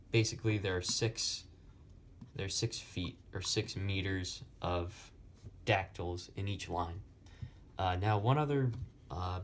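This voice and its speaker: A young man slowly explaining Latin poetic meter in a lesson, with many pauses and fillers. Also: lowish voice, slight background noise. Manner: slow, halting, many fillers. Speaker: Latin tutor.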